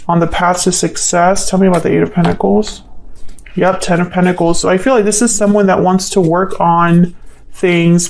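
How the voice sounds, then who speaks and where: A woman's voice: on the low side, a little mellow, poor audio. Woman thinking aloud through a tarot reading. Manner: thinks aloud, hesitant, questions the cards. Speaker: tarot reader. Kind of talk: solo tarot reading to camera.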